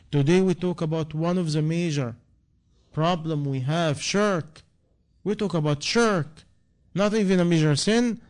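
Man, preacher, slightly high voice, repeating phrases with rising emphasis. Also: darkish tone. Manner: non-native English, impassioned repetition, rising emphasis. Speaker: imam. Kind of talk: sermon answering a question.

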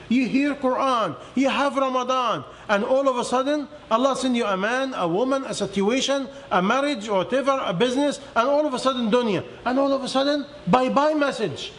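A man preaching a sermon in non-native English with simplified grammar, swinging emphatically between high and low. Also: brisk, fairly bright tone. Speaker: religious teacher.

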